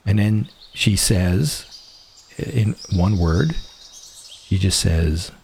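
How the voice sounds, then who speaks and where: A man narrating a tabletop game as game master, describing scenes slowly with frequent restarts. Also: low-pitched, lively intonation, creaky, a little mellow, a little hiss or hum.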